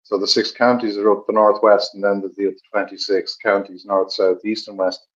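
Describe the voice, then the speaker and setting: A middle-aged man from Dublin with an Irish accent, telling stories in a measured, reflective way with many pauses. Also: fairly low pitch, little pitch movement. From Ireland. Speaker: podcast co-host. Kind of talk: reflective storytelling chat. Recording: dull lo-fi recording.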